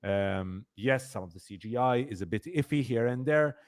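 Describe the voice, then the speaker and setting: A man's voice: mid-range voice, expressive, normal speed. A man hosting a podcast, reviewing a series in casual chat, rambling with many fillers and repeats and emphatic complaints. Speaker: podcast host.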